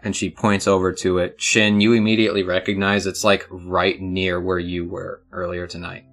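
A man's voice: deep voice, level tone, moderate pace, hardly any pauses, fairly bright tone, soft background music. A man narrating as game master of a tabletop game, talking casually to the players with lots of fillers.

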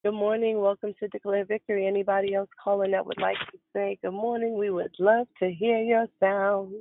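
A woman in her fifties hosting a morning prayer call, greeting each caller warmly by name. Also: medium pitch, level tone, brisk, a little hiss or hum. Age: 50s. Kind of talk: welcoming callers on a prayer line. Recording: tinny phone line.

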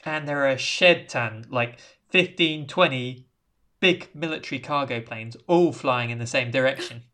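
A man's voice: medium pitch, normal speed, bright, forceful tone. A man on a casual podcast, retelling a film's plot in a rambling way and acting out quotes. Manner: rambling storyteller, acts out quotes. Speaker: podcast co-host recapping a film. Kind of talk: casual chat.

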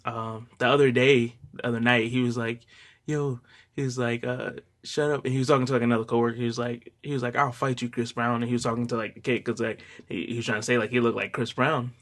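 A man's voice: medium pitch, level tone, quick pace, hardly any pauses. A young man co-hosting a podcast in casual chat, rambling with lots of fillers and giggling. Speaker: podcast co-host.

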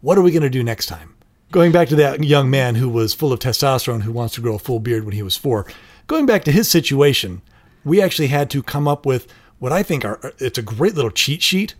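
A man's voice: mid-range voice, lively intonation, a little fast. A middle-aged man co-hosting a casual parenting chat, earnest and acting out short example lines. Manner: earnest, acts out little quoted lines. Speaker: parenting show co-host.

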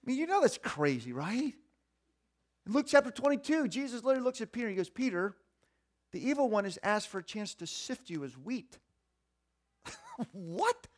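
A man preaching a sermon in a conversational, folksy way, swinging between hushed passages and loud, animated ones. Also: very high-pitched, a little fast. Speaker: pastor.

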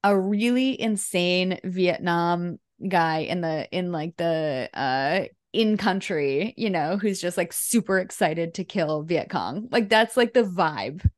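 This co-host of a casual film podcast is a woman whose lowish voice stays animated as she speaks slowly, barely pausing. She wanders through the chat with plenty of laughs, fillers and false starts, captured cleanly in a studio without room sound.

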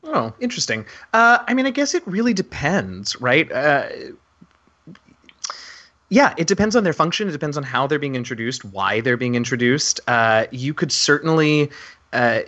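A man, a trained actor who runs tabletop games, talking in an animated, self-deprecating way on a podcast. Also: fairly high pitch, moderate pace. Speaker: game master. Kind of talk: podcast discussion. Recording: dull lo-fi sound.

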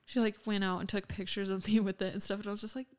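A woman's voice: medium pitch, little pitch movement, quick pace. A young woman co-hosting a podcast, telling a personal story in casual chat, full of fillers. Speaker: podcast co-host.

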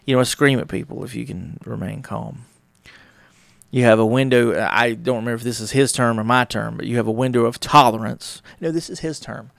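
Podcast host, male, gravelly with heavy fry, casual and rambling, dry close sound. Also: mid-range voice, a little fast, a bit bright, no room sound. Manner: rambling, conversational, acts out little dialogues. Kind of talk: casual solo talk on relationships.

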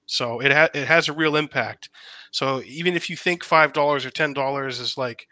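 A man co-hosting a political podcast, blunt and emphatic, with plenty of fillers. His voice is very bright and forceful. The sound is dry and close, with no room echo. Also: mid-range voice, moderate pace. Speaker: podcast co-host. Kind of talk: casual political chat.

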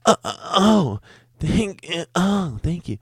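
A man doing a high, gasping, squeaky voice of a startled older man, like a gremlin. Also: very animated, slow pace, breathy edge, no echo, heavily acted.

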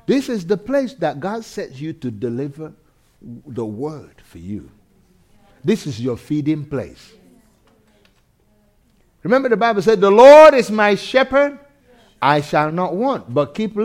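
A man preaching a sermon, animated, swinging from loud shouts to quiet intensity, laughing between lines. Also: on the high side, unhurried, long pauses. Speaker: pastor.

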